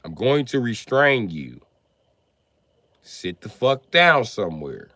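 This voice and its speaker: A man's voice: on the low side, sing-song, slow, pushed and bright, no room sound. A man doing a profane, mocking comedy rant on a live stream, often laughing as he talks.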